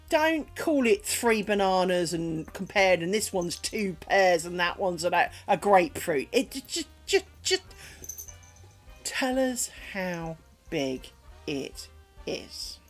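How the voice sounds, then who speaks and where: A middle-aged British woman with a medium-pitched voice streams from home, chatting casually as she crafts. She rambles along with dry humour and plenty of swearing.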